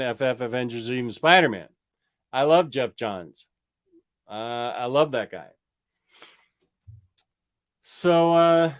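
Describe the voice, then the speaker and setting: A man hosting a casual comic book livestream, rambling and joking as he answers viewer questions and stumbles over words. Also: mid-range voice. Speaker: comic book channel host.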